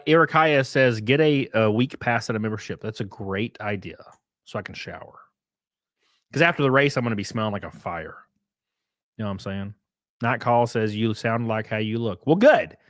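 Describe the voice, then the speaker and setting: A man's voice: mid-range voice, lively intonation, moderate pace, a bit bright, dry recording, studio quality. A man hosting a live reaction stream, teasing and cursing at his chat in a brash, joking way.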